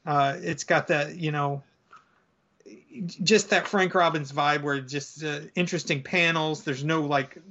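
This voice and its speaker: A man's voice: fairly high pitch, unhurried. Rambling man retelling a comic. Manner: rambling, filler-heavy, animated storyteller. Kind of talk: casual retelling of a comic story. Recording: dull lo-fi sound.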